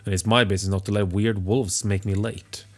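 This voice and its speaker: A man's voice: on the low side, flat delivery, a little fast, natural voice. A man voicing a dry, snarky male detective in a near-natural voice. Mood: deadpan.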